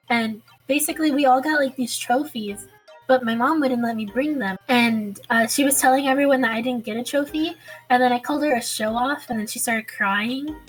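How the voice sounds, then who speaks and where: A woman's voice: high-pitched, poor audio. A young woman co-hosting a casual chat, telling a rambling story with swearing and laughter. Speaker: podcast co-host.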